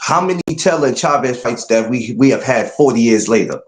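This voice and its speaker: A man's voice: mid-range voice, brisk, roomy sound. A man hosting a podcast, talking boxing in a casual, emphatic way. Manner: animated, emphatic, rising to incredulous outbursts. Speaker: podcast host.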